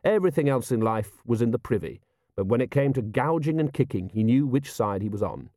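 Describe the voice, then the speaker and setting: A man reading an audiobook, narrating in an expressive, wry way. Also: medium pitch, a little fast, dry recording, clean studio sound. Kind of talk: scripted narration.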